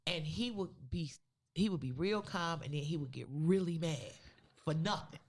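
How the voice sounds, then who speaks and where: Animated storytelling woman podcast host. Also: deep voice, normal speed. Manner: animated, acts out the people in her story; casual vernacular phrasing. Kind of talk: casual storytelling chat.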